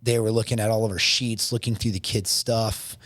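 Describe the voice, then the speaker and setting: A man's voice: lowish voice, steady tone, a bit bright, dry recording. Shaken man telling a hard story. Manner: halting, with many restarts. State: shaken, emotional. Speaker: podcast guest. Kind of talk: emotional storytelling in a podcast interview.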